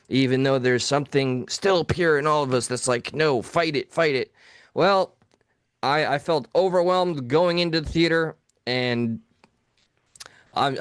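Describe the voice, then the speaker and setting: A man's voice: mid-range voice, clear, resonant tone, dry recording, clean studio sound. Blunt, profane male talk show host. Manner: profane, blunt, animated storytelling. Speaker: podcast co-host. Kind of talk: casual live talk show storytelling.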